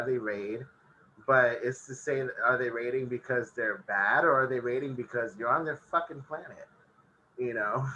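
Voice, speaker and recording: Bright-voiced laughing podcast man. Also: mid-range voice, dull audio, slight background noise. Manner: laughs often while recapping. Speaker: podcast co-host. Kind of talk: casual podcast chat.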